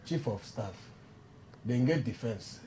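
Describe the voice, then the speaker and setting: A man's voice: medium pitch, animated, slow, crowd noise. Nigerian pidgin radio guy, jokey banter, medium voice. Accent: Nigerian Pidgin English. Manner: jokey, laughing, loud announcer bursts. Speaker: radio co-host.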